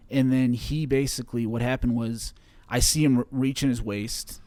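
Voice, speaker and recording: A young man from Chicago is a guest on an interview show, haltingly recounting a personal story with many fillers and restarts. His voice is mid-range and darkish, with fairly even intonation and no echo.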